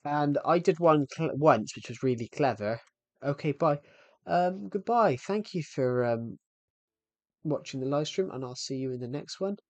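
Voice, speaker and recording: A man's voice: a little high, lively intonation, moderate pace, no echo. A man in his twenties chatting casually on a live game stream, a little out of breath and rambling as he restarts his sentences. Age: 20s.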